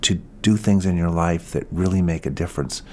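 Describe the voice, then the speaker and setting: A man's voice: deep voice, brisk, a little hiss or hum. A man talking earnestly as an interview guest, telling a story in a reflective way. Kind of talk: casual interview talk.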